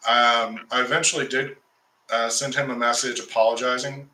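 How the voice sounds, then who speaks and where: A man's voice: mid-range voice, level tone, moderate pace, bright, forceful tone, echoey room, poor audio. A man hosting a casual talk, telling a long story to his viewers in a rambling way with restarts, getting heated as he recounts a fight. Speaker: occultist host.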